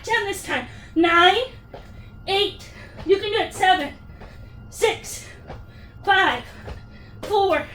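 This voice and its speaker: A woman's voice: very high-pitched, pushed and bright, echoey room, far from the mic, slight background noise. A woman leading a yoga workout class, counting reps and cheering people on with upbeat cues, getting out of breath. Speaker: yoga instructor.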